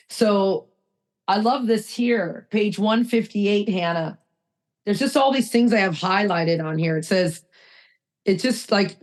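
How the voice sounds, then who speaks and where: A woman co-hosting a recovery podcast, reading passages aloud and putting emphatic, direct questions to the listener. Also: medium pitch. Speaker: podcast co-host.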